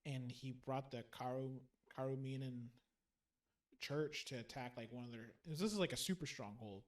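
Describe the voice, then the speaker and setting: A man co-hosting a casual podcast, excitedly retelling a story and acting out the characters' lines. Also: mid-range voice, moderate pace. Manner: animated retelling, acting out quotes. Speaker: podcast co-host. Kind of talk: casual chat.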